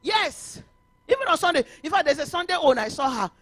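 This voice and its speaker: A woman with a Nigerian accent giving a talk to realtors at a conference, lively and mixing in Yoruba phrases. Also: sits high, fairly quick, no room sound. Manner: animated, mixes Yoruba and English, laughs often. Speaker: conference speaker. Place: conference hall.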